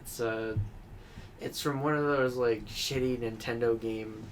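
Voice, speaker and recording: A man's voice: medium pitch, fairly even intonation, unhurried, slight background noise. A young man co-hosting a casual podcast chat, joking and swearing a lot. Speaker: podcast co-host.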